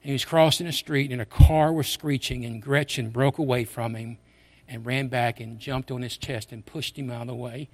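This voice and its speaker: A man's voice: medium pitch, steady tone, normal speed. An older man shares a memory from the pulpit, earnest and conversational. He often restarts his phrases as he tells his story, in a mid-range voice. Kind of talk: personal storytelling.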